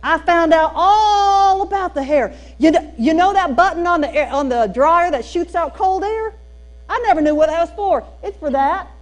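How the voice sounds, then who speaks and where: A woman with a Southern US accent giving a storytelling keynote at a teacher training, folksy and animated with emphatic punchlines. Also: extremely high pitch, moderate pace. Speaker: speaker at a teacher training day. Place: church hall used for a school district training.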